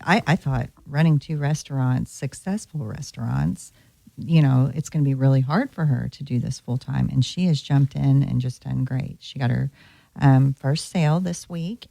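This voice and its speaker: Female real estate agent guest, soft-spoken, slight fry. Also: very deep voice, no room sound. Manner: soft-spoken, many ums. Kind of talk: casual radio chat. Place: radio studio.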